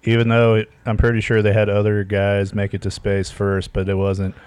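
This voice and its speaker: Smooth-voiced swearing man, casual podcast. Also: fairly low pitch, completely flat delivery, moderate pace, a little mellow, no room sound. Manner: rambling, swears often, restarts phrases. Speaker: podcast host.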